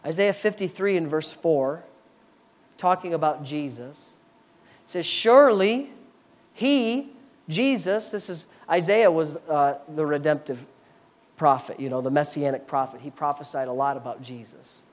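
A man's voice: a little high, measured pace. Fervent preaching man. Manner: fervent preaching with scripture reading; explanatory, chatty asides. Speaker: pastor. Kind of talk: sermon.

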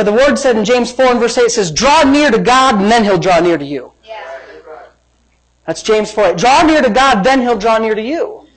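A man's voice: extremely high pitch, poor audio. A man pastor preaching a sermon, emphatic and repetitive, mixing playful family stories into his points.

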